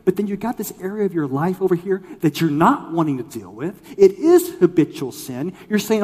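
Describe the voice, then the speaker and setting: A man preaching a sermon, telling a story with lively, acted-out quotes and swings between loud emphasis and quiet lines. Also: on the high side, brisk, hardly any pauses, slightly rough. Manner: animated storytelling, acts out quoted voices. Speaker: pastor. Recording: long hall reverb.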